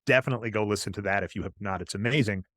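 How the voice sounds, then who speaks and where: A man's voice: fairly low pitch, racing, fairly bright tone, no echo. A man co-hosting a podcast in casual chat, rambling in long run-on stretches and prone to tangents. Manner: admits to going off on tangents. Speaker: podcast co-host.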